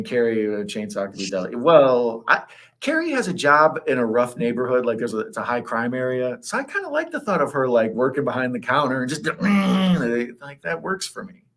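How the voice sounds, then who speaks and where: Jokey man reading live chat. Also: a bit bright. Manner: jokey, reads comments aloud, quick laughs and pitch jumps. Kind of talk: casual livestream chat.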